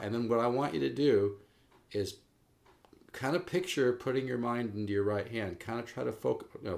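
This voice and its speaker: A man with a low, gravelly voice walks his viewers through a guitar lesson. He talks in a relaxed, encouraging way and calls them folks. A faint guitar plays behind him. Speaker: guitar teacher. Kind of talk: casual video guitar lesson. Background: guitar playing.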